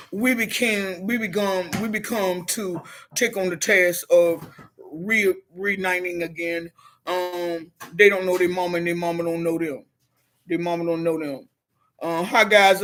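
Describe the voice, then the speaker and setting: Speaking fairly low with a somewhat bright tone, this middle-aged motivational speaker shares her personal story live. She talks straight to her audience, earnest and a little sermonizing, in an emotional stream testimony.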